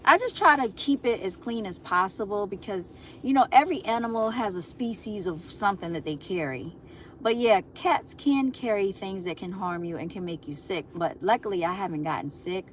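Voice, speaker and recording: A woman's voice: mid-range voice, animated, normal speed, fairly bright tone, slight background noise. A woman hosting a casual livestream, chatting to her viewers, laughing often and calling them y'all. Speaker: livestream host.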